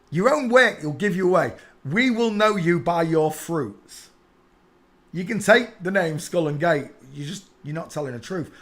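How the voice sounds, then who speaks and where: A man rants casually in a high voice, mocking and bursting into laughter. His pitch jumps around animatedly, and he repeats short phrases like a chant. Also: fairly bright tone. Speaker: online commentator. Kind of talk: casual mocking rant over pictures.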